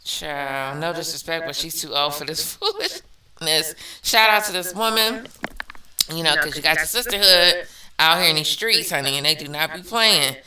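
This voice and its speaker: Sassy woman ranting on a vlog, super bright sharp voice, far from the mic. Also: low-pitched, animated, moderate pace. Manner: emphatic, blunt, slangy, laughs often. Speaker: vlogger reacting to viewer comments. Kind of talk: casual commentary. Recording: echoey room, off-mic.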